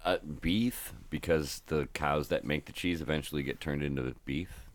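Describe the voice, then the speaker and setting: A very deep-voiced man from Ohio who drives trucks for a living. He rambles through casual podcast chat, full of fillers and restarts. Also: moderate pace, no room sound.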